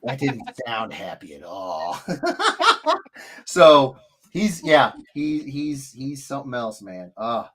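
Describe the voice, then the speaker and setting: Man, stream host, casual chat, rambling, lively storytelling, mid pitch. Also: takes it slowly. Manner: rambling, self-interrupting, animated storytelling. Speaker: livestream host.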